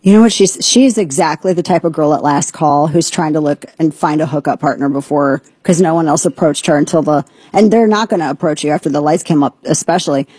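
A woman hosts a talk show in a brash, sarcastic way. Her voice is mellow and a little husky. The sound is dry and close, with no room around it. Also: low voice, a little fast, few pauses, no echo. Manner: brash, sarcastic, mocking impressions. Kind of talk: opinionated radio talk.

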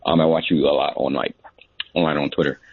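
Very deep, raspy man on a phone line. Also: fairly even intonation, fast talker, dry recording. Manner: hesitant, many "um" and "like" fillers. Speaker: caller. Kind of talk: phoned-in question.

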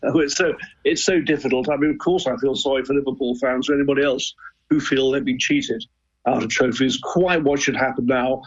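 A man's voice: medium pitch, steady tone, a little fast, slightly rough, muffled recording. An older man, a former club chairman, talking as a guest on a radio discussion in an earnest, hesitant way, often repeating words.

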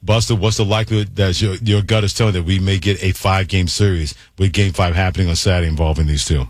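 A man's voice: sits low, fairly even intonation, fast talker, no room sound, studio quality. A man hosting sports radio, setting up questions for his guest. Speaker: radio host.

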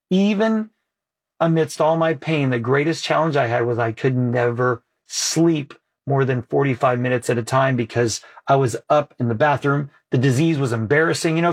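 Earnest man telling his story. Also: a little high. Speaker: guest. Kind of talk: personal story in interview.

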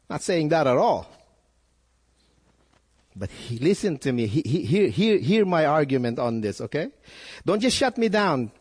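A male pastor preaching a sermon, with animated delivery, sudden rises in pitch and frequent repeated words. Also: long reverb tail.

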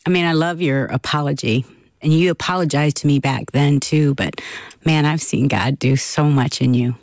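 A woman's voice: sits low, moderate pace, darkish tone, no room sound, studio quality. An older woman co-hosting a radio talk show, speaking in an affirming, supportive way. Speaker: radio co-host.

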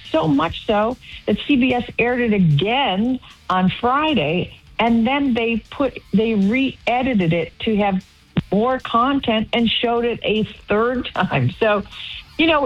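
A woman guest telling lively stories in a casual radio interview, laughing now and then. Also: medium pitch, muffled recording. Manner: animated storytelling, with laughs. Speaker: guest actress.

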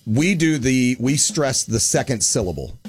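Brief: American male radio DJ, mid pitch, upbeat banter, faint music bed. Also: animated, a little slow. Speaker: radio host. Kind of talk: casual radio chat.

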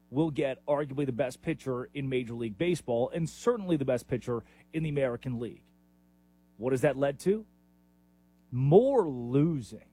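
Animated, husky-voiced sports radio host. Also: male voice, a little high, dry recording. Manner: animated, opinionated, emphatic with sudden rises. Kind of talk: sports talk radio monologue.

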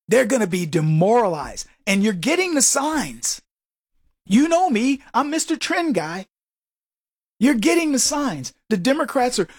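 Brash, husky-voiced male radio talk host. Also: very high-pitched, very animated, measured pace, no echo, studio quality. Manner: brash, mocking, laughs a lot, acts out voices. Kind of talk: conservative talk radio monologue.

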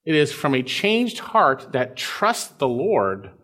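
A man preaching an expository sermon, explaining scripture verse by verse and dropping suddenly to a quiet voice. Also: on the high side, very animated, takes it slowly. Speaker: pastor.

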